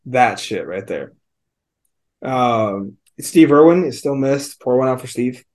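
A man's voice: medium pitch, animated, slow pace, darkish tone. A man co-hosting a podcast, chatting casually about a movie, loose and profane with lots of fillers. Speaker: podcast co-host.

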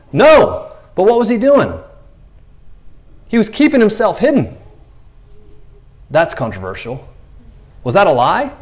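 Delivering a sermon, a man speaks in an animated, conversational way and performs the voices of the characters in his stories. His voice sits high.

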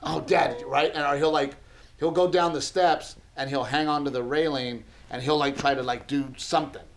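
A man's voice: a little high, fairly even intonation, moderate pace, slight background noise, low-quality recording. A man in his thirties, a podcast co-host, telling family stories in a casual chat, laughing often and acting out his son's lines.

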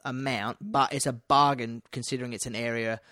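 A man's voice: medium pitch, steady tone, fairly quick, pushed and bright, no echo. Rambling man with dry sound. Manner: rambling, laughs often, swears casually. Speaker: podcast co-host telling a local history story. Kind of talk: casual banter.

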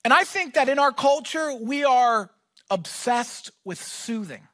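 A man preaching a sermon as pastor, talking in a casual, animated way that rises to shouts. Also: very high voice, measured pace, no room sound.

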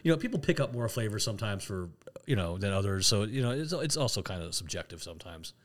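A man's voice: fairly low pitch, big pitch swings, quick pace. A man co-hosting a casual whiskey tasting, talking in a rambling way, often restarting and laughing at himself. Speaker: podcast co-host.

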